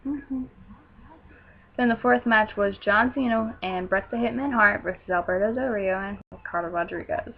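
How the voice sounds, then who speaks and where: A teenage girl recapping a wrestling show in a casual, gushing way, breaking into loud excited outbursts. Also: mid-range voice, moderate pace, vocal fry, phone-quality sound, a little hiss or hum. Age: teens.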